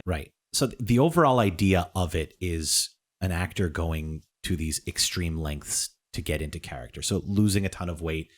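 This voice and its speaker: A man's voice: low-pitched, normal speed, hardly any pauses. A man co-hosting a podcast, chatting casually in a jokey, playful way and laughing often. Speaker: podcast co-host.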